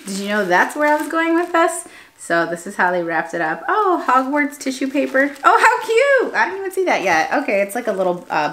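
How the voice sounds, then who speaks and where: A young woman chatting casually in a vlog, slangy and animated, often trailing off and restarting. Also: medium pitch, a little hiss or hum. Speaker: vlogger. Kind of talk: casual chat.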